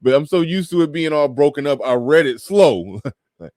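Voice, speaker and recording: A man with a fairly high, darkish voice and lively intonation hosts a casual livestream at a moderate pace, reading viewers' super chats aloud and riffing on them. He laughs often and trails off mid-thought. The sound is clean studio audio with no room sound.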